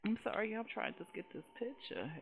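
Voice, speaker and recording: A woman hosting casual gameplay commentary, animated and exasperated, swearing freely and talking straight to her viewers, on a dull lo-fi recording. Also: on the high side, quick pace, creaky, a little hiss or hum. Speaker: gaming channel host.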